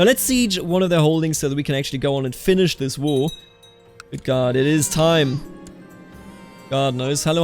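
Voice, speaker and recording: Chatty man narrating gameplay. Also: on the high side. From Germany. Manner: chatty, talks to game characters. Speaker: let's play host. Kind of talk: casual game commentary.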